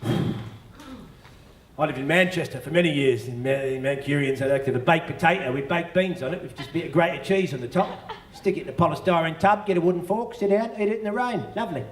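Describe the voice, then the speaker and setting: A man's voice: a little high, quick pace, few pauses, slight background noise. An Australian man doing a profane, rambling stand-up routine on stage in a large hall. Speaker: stand-up comedian. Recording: echoey live venue recording.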